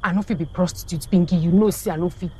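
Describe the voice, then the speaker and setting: A woman's voice: on the low side, fairly even intonation, fast talker, dark tone, a little hiss or hum, natural voice. An actress playing a wary young woman taxi driver with a Nigerian accent, defensively turning down an offer in a film scene. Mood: indignant.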